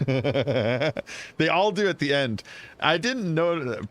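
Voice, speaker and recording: A man's voice: a little high, very animated, drawn-out words, fairly bright tone. A man casually commenting on a video game as he plays, chatty and rambling. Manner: chatty and rambling, with frequent fillers and laughs. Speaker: gaming streamer. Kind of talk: casual let's-play commentary.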